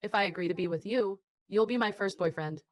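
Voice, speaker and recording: A woman's voice: medium pitch, brisk, dry recording, clean studio sound, lightly acted. A woman voicing a shy, guarded young mother in dubbed drama dialogue, talking in a hesitant, reserved way. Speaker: young mother being courted.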